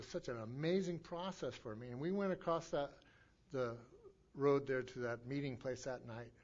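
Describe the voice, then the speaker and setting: Man, middle-aged, from Montana, folksy rambling storyteller, slightly high voice, muffled lo-fi tape. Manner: folksy storytelling with many restarts. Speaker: speaker sharing his recovery story. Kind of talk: recovery meeting talk. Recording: dull lo-fi tape recording.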